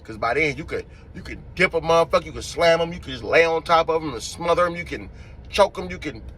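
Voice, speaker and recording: A man telling a street-fight story in a casual, profane, animated way, acting out the scenes as he goes. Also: fairly high pitch, quick pace, slight background noise.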